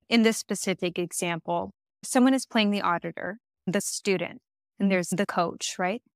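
A woman with a lowish voice, recorded dry and close. She explains things patiently, step by step. She drops into short acted examples along the way. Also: dry recording. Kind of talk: explanatory podcast talk.

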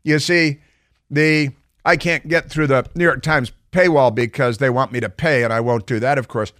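A man's voice: mid-range voice, steady tone, normal speed, a bit bright, dry recording, clean studio sound. A man hosting a talk radio show, delivering a sarcastic monologue. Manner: sarcastic, mocking quoted voices.

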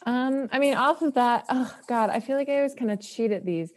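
A woman co-hosting a podcast in casual chat, amused and quick to agree. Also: fairly high pitch, darkish tone.

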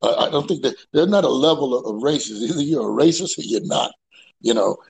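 A man hosts a loose comedy call-in podcast, talking from outdoors. His voice is gravelly and a bit husky, and his pitch swings widely. He stammers and repeats himself and bursts into loud laughs. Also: animated, fast talker, slight background noise, low-quality recording. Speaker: podcast host. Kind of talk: casual comedy chat.

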